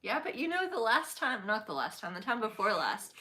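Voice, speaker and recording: A woman's voice: a little high, very animated, a little fast, sharp tone. A tired woman, co-hosting a casual livestream, chiming in with short greetings and frequent laughs. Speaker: livestream co-host.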